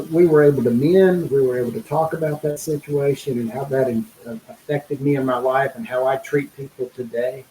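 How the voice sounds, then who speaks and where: A middle-aged man speaking as a guest in an interview, telling a personal story in an earnest, halting way, full of fillers and restarts. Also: mid-range voice, warm tone, reverberant, a little hiss or hum, low-quality recording.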